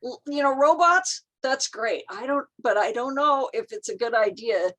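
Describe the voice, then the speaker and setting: A woman's voice: on the high side, animated, normal speed, fairly bright tone. A woman who is a guest author, talking thoughtfully in casual chat.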